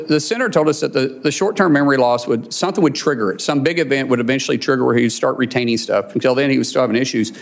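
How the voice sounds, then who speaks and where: A middle-aged man, a father, telling a personal story in a heartfelt, halting way, choked up with emotion and restarting his sentences. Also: mid-range voice. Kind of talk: personal testimonial.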